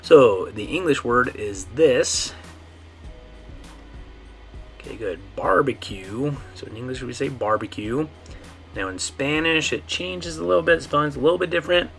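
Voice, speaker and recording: A man teaching a pronunciation lesson, saying each model word slowly and checking in often with the class. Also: mid-range voice, gravelly, a bit bright. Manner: slow, drawn-out model words with frequent "okay?" checks. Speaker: Spanish teacher.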